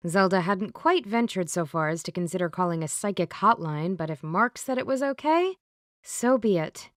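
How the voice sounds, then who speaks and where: A woman narrating an audiobook in an even, measured reading on a close microphone. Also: on the low side, dry recording. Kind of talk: scripted narration.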